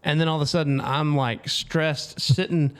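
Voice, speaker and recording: A man from the United States co-hosting a podcast, chatting casually and telling stories with quick asides. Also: on the high side, fairly even intonation, clear, resonant tone. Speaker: podcast co-host. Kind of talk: casual chat.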